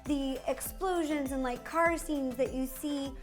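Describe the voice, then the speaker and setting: A high-pitched woman hosting a home baking show, upbeat and chatty. She explains each step clearly and cheerfully to her guest. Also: fairly even intonation, unhurried, music in the background. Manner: bubbly, instructive, chatty. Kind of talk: casual cooking demonstration.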